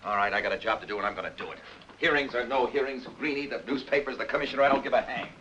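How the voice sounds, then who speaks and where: A middle-aged actor playing a tough, stubborn police captain who presses hard and talks forcefully. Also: male voice, medium pitch, lo-fi sound, slight background noise, lightly acted. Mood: resolute. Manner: forceful, pressing, rapid interrogator.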